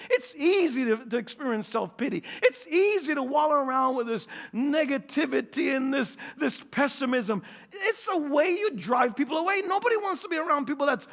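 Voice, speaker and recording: A man with a New York accent preaching a sermon, animated and joking as he acts out scenes, slowing and softening for scripture. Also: very high-pitched, big-room sound. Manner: animated, acts out quotes and jokes, then slows and softens for scripture. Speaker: pastor.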